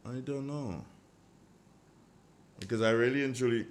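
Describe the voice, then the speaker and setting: A man's voice: mid-range voice, moderate pace. A man hosting a live morning radio show from a studio, chatting casually and rambling as he reads out listener greetings.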